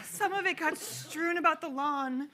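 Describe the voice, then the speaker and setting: A woman doing a very high fretful homeowner. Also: measured pace, heavy background noise. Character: frightened fussy female homeowner. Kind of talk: live improv comedy scene. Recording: live audience laughing behind.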